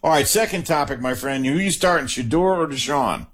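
A man hosting a call-in sports radio show, animated and quick to joke with his callers. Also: on the high side.

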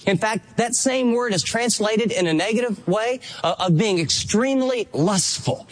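Male pastor, higher-pitched voice, earnest and emphatic sermon delivery. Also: normal speed. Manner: earnest, emphatic preaching with acted-out quotes.

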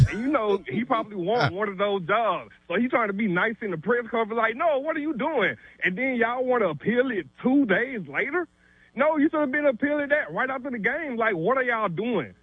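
A man's voice: high-pitched, animated, breathy edge, no room sound. A man calling in to a sports radio show, ranting indignantly until he is out of breath. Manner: fired-up, indignant, rapid rant. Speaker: caller. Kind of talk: ranting call-in. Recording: tinny phone line.

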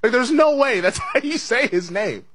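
A man's voice: very high voice, lively intonation, moderate pace, a bit bright, slightly rough, no echo. A man hosting a sports betting show, chatting casually through a live match watch-along with lots of fillers and laughs. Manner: chatty, laughs often, many fillers and restarts.

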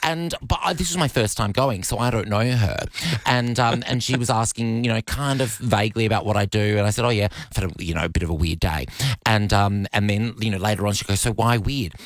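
A man, chatting as a guest about voice acting, talking high and animated and laughing often. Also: brisk, no echo. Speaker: guest voice actor. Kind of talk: casual chat.

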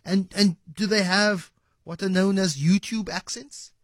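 Lively high-voiced radio host. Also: male voice, measured pace, no room sound. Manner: animated, playful, emphatic delivery. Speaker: radio talk show host. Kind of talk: radio talk show. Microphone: studio microphone.

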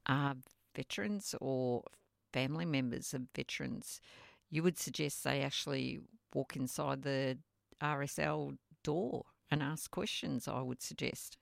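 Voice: medium pitch, gravelly, no room sound, studio quality. An interview host asking hesitant questions with many fillers. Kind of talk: casual interview.

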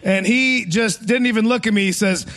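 A man's voice: high-pitched, moderate pace, fairly bright tone. A man in his forties doing a live stand-up set in a theater, rambling and self-mocking, often laughing through his lines. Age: 40s. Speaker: stand-up comedian. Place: theater stage before a live audience.

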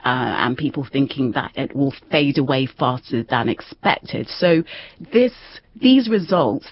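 Male business reporter, husky tone, steady explanation, lo-fi sound. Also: mid-range voice. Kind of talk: live news analysis.

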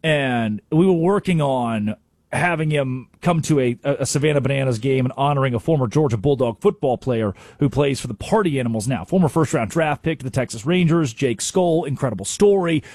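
Animated, husky sports radio host. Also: male voice, medium pitch, a little fast, dry recording, studio quality. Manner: animated, opinionated, emphatic. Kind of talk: sports talk radio monologue.

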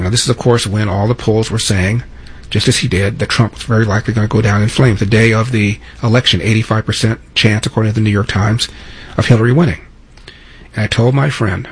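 A man in his seventies hosting a talk radio show, telling stories with measured, emphatic repetition. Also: fairly low pitch, fairly even intonation, husky. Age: 70s.

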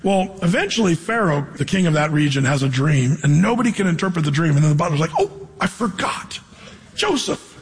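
A man preaching a sermon with a high, husky voice. He reads scripture and then retells the story casually and playfully. The voice rings with the long reverb of a big hall. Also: lively intonation, quick pace, hardly any pauses. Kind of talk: sermon with Bible reading and storytelling.

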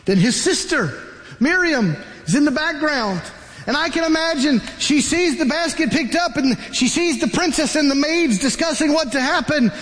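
High-voiced preacher in a reverberant hall. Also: male voice, normal speed. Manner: animated storyteller, acts out the characters. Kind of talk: sermon.

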